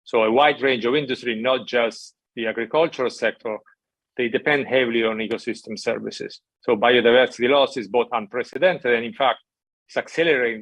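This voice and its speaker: Man giving a measured policy talk. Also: mid-range voice, fairly bright tone, no echo. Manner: measured, emphatic, frequent "right?" check-ins. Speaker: conference speaker from an international financial institution. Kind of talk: prepared conference talk.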